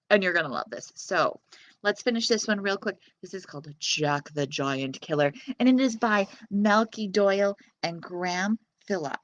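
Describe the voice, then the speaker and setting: A woman librarian reading a storybook aloud to children and chatting with them in an expressive, animated way. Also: medium pitch, no room sound. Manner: animated, expressive, talking directly to kids.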